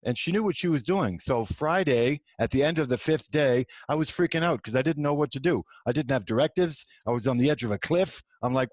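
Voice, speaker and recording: A man's voice: medium pitch, normal speed, no room sound. A middle-aged man hosting a show, telling a personal story and acting out the dialogue, with frequent restarts. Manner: animated, acts out quoted dialogue with many restarts. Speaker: host.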